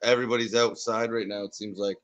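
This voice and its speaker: A man's voice: lowish voice, level tone, fast talker, dull audio. A man hosting a casual live reaction chat, easygoing and asking the others questions. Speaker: watch party host.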